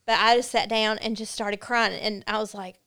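A woman guest in a podcast interview, telling a personal story in an earnest, candid way with halting fillers. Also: medium pitch, fairly even intonation, a bit bright, smooth.

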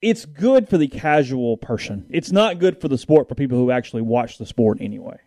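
Animated man, sports podcast co-host. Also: medium pitch, a little fast, dry recording. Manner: animated, indignant, rising to outbursts. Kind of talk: casual sports talk.

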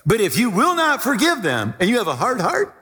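Animated preaching man in a reverberant hall. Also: a little fast, husky. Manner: animated storytelling, rises high for emphasis. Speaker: pastor. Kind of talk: sermon with personal story.

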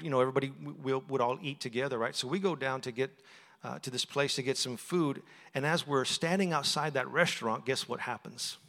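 A middle-aged Texan man preaches a sermon as a guest speaker in a church sanctuary, and a long hall reverb trails his fairly high, pushed, bright voice. His style is conversational and full of stories, and he laughs often.

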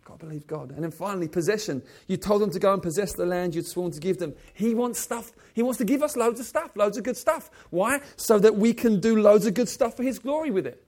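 High-voiced preacher man, loud then hushed. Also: lively intonation, brisk, few pauses. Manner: swings from loud exclamation to soft intimate low tones; asks the congregation direct questions. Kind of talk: sermon.

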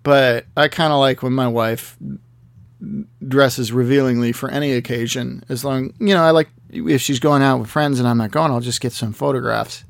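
A man giving a comedic, rambling monologue as a vlogger, talking in a dry, halting way with many fillers and restarts. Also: medium pitch, fairly even intonation, vocal fry, no echo. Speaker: vlogger answering a magazine quiz.

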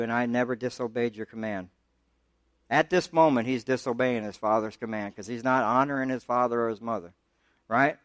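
Preaching pastor, plain dry sound. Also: male voice, fairly bright tone, no room sound. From United States. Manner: conversational preaching, rising in pitch when pressing a point. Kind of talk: sermon.

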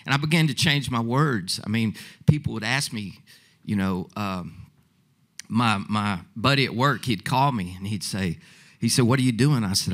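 Folksy low-voiced man telling a story. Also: fairly bright tone. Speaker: songwriter telling his story. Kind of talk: storytelling testimony.

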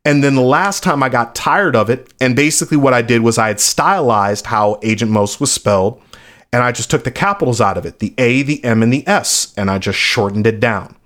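A man's voice: mid-range voice, brisk, fairly bright tone. A man, a battle rapper from the Chicago area, telling stories in a loose, casual interview and acting out quoted voices.

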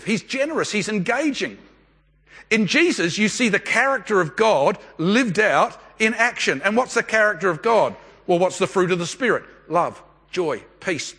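A high-voiced, bright-toned middle-aged man preaches to his congregation. His voice is slightly husky and carries a long hall reverb. He talks earnestly and conversationally, often posing questions. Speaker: pastor. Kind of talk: sermon.

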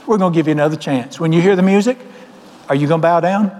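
Man doing a bossy drawl king, mock-polite, highish voice, long hall echo. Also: fast talker, darkish tone, natural voice. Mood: commanding. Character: proud angry ancient king, male adult. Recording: long reverb of a large hall.

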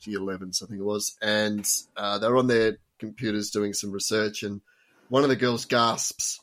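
A man's voice: fairly low pitch, fairly even intonation, normal speed, a bit bright. Jokey male teacher podcast co-host. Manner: jokey, chuckles at his own puns; explains patiently with fillers. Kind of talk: casual podcast chat.

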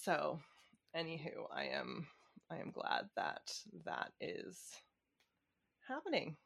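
A woman's voice: low voice, huge pitch swings, slow pace, creaky, fairly bright tone. A woman talking politics in a casual chat, swearing freely and laughing often.

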